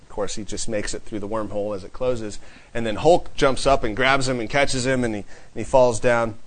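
A man leads an informal Bible class for a small group, reading scripture slowly before discussing it conversationally and chuckling often. His voice sits in the mid-range with a steady tone, and the recording quality is low.

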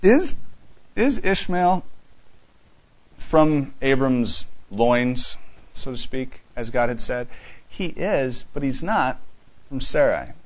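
Man, mid-pitched, for a Bible study teacher: conversational, posing rhetorical questions, restarting his phrases as he goes. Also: lively intonation, slow, long pauses, poor audio. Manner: reads scripture aloud in archaic wording.

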